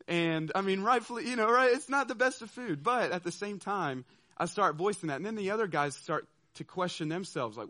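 A man telling a personal story to an audience, animated and laughing, often checking in with listeners. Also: a little high, moderate pace. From southeastern United States. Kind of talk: storytelling talk.

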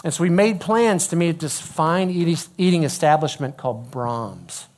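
A middle-aged man giving a sermon, an animated storyteller who drops to a hushed voice when quoting dialogue. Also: on the high side, normal speed. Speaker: youth pastor.

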